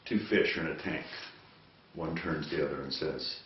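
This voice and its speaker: A man from Canada telling jokes in a dry, deliberate way, recorded from a distance in an echoey space. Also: deep voice, expressive. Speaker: joke teller. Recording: distant, echoey, muffled with faint hiss.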